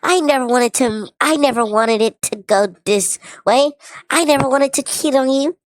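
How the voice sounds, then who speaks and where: A woman streamer voicing a cute, squeaky e-girl through a voice changer, reading in a mock-sweet, pleading way. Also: normal speed, no echo, rough recording.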